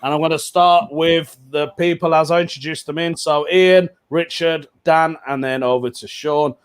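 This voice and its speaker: A man's voice: a little high, fairly even intonation, moderate pace, smooth. A man hosting an online comedy show, chatty and jokey, laughing often. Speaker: host.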